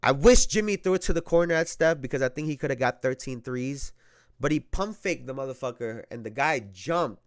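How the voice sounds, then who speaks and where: Profane, animated man talking basketball. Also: medium pitch, fairly quick, dry recording, studio quality. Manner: profane, animated, laughing often, repeats himself. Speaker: sports podcast host. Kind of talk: casual sports talk.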